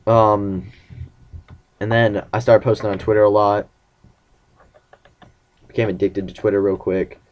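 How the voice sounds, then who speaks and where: A man's voice: on the low side, level tone, a little slow, long pauses, dull audio. A teenage boy vlogging casually about his relationship, rambling and acting out the lines of the conversations he retells. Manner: rambling, acts out quoted dialogue. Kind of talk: casual personal vlog.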